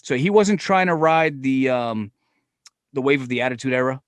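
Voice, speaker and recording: A man spins a long story in loose, swearing podcast chat, slipping into the voices of the people he quotes. His voice sits at a middle pitch, and the recording is dry and close, with no room sound. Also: normal speed, dry recording. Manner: profane, animated, quotes himself and others. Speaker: podcast guest. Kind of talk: casual storytelling.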